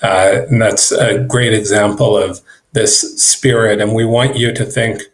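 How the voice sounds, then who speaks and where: A government trade representative delivers conference remarks at a virtual event, speaking conversationally with fillers and restarts. His voice is on the low side, steady in tone and unhurried.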